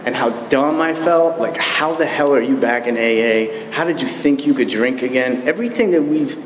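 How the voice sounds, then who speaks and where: A man's voice: mid-range voice, normal speed. A man sharing his personal recovery story with a live group at a meeting, candid and self-deprecating, with wry jokes. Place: meeting hall. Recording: echoey hall recording with faint room noise.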